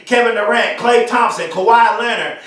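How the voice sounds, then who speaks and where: A man giving an emphatic motivational speech, repeating slogans and often shouting them. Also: sits high, normal speed. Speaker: motivational speaker. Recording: very echoey, from far off the mic.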